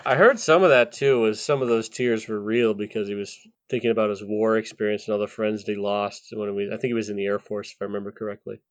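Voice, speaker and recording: A man co-hosting a podcast, chatting in a relaxed, reflective way about a film. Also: lowish voice, quick pace, hardly any pauses. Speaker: podcast co-host. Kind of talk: casual film discussion.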